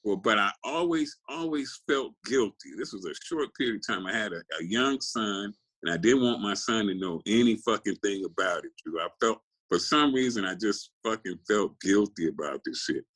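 Older man from California, low-pitched, swearing, rambling, casual interview guest. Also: animated, normal speed, few pauses, fairly bright tone, slightly rough, rough recording. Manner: profane, rambling storyteller.

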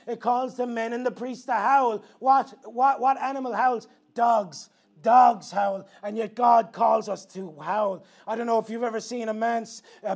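A young man delivers an impassioned sermon. His voice sits very high for a man. He hammers the same phrases again and again and fires off rhetorical questions. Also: darkish tone. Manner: impassioned, repetitive rhetorical preaching. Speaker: preacher.

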